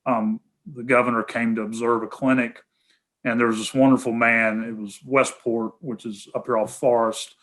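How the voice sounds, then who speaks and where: A man's voice: medium pitch, little pitch movement, normal speed, fairly bright tone. Tennessee man answering questions earnestly. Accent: Tennessee Southern. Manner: many fillers and restarts, earnest. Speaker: guest speaker, healthcare association head. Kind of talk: conversational Q&A over video call.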